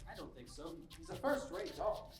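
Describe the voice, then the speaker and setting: An actress on stage playing an anxious, touchy young landowner who flares into shouting, heard from far off in an echoey room. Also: female voice, on the low side, sing-song, soft background music. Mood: stiff. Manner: fussy, quick to flare into shouting. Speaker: actor. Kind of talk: live stage acting.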